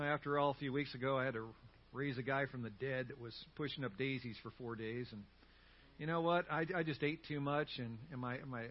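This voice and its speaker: A man's voice: mid-range voice, muffled recording, pitched below the performer's own voice, lightly acted. A preacher playing a weary, joking Jesus who complains and rambles during his sermon. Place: church sanctuary.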